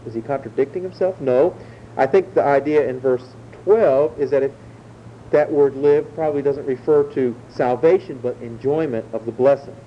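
A man preaching a Bible sermon, explaining verses in a measured teaching way and slowing down to stress key words. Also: medium pitch, mellow, a little hiss or hum, low-quality recording. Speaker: pastor.

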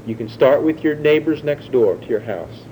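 Guy preaching a sermon, kinda mellow dark voice, chatty teaching, asks the crowd stuff. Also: on the high side, animated, normal speed, slight background noise, poor audio. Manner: conversational teaching, asks the audience questions.

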